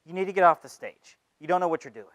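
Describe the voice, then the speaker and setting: A man's voice: a little high, lively intonation, fast talker, no room sound, close to an everyday voice. A man on stage voicing his own fear as a sneering, belittling inner voice that mocks him. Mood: scornful. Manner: mocking, sarcastic, taunting. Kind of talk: comic stage monologue.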